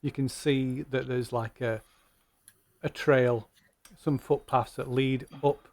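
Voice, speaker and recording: A man running a tabletop game as game master, narrating with many pauses, ums and restarts. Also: mid-range voice, fairly even intonation, a little mellow.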